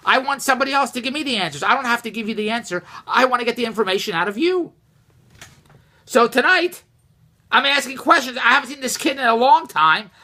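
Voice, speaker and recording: A man telling a casual personal story, rambling and repeating himself, rising and getting louder when exasperated. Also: very high-pitched, fast talker. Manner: animated, rises and gets louder when exasperated.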